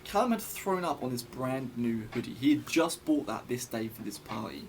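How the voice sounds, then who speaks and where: A man's voice: medium pitch, expressive, moderate pace, a little hiss or hum. A young man telling a story in a casual vlog, rambling and chatty with many fillers and restarts.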